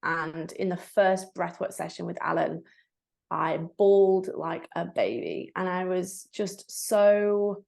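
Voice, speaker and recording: A woman's voice: fairly low pitch, slow, vocal fry. A woman, a breathwork facilitator, candidly telling her personal story in a podcast interview and bringing quoted moments to life. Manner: candid, reflective, with animated quoted asides.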